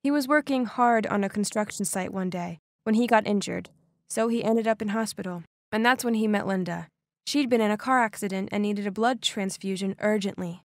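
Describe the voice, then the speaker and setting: A young adult woman narrating a first-person animated story in an expressive, dramatic way. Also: medium pitch, brisk, no echo, clean studio sound.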